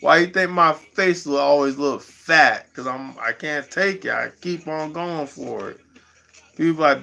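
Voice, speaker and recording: A man's voice: a little high, unhurried, gravelly, bright, forceful tone. A man hosting a livestream in a slangy, rambling casual chat, laughing often. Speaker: livestream host.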